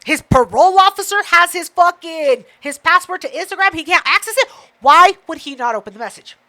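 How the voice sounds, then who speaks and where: A woman co-hosting a podcast, telling a story in casual chat, profane and animated, acting out what others said. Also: extremely high pitch, a little fast. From Mexican heritage. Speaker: podcast co-host.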